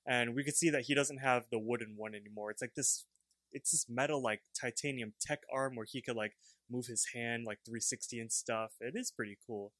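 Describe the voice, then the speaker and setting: A man's voice: medium pitch, fairly even intonation, brisk, fairly bright tone, dry recording. Young man rambling through a cartoon recap. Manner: rambling, acts out characters' lines while retelling. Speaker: podcast co-host. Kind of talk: casual chat recapping a cartoon episode.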